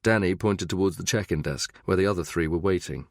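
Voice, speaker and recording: A man narrates a thriller audiobook with a steady, measured reading. His voice is very low with a gravelly fry. The recording is close and dry, with no room sound. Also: dry recording. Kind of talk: scripted narration.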